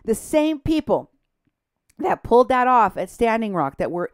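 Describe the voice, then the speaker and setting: A woman with a fairly high, very animated voice gives heated radio commentary, sneering as she reads posts aloud and working herself up to near-shouting outrage. Her delivery is smooth at a normal speed, captured in a studio with no room sound.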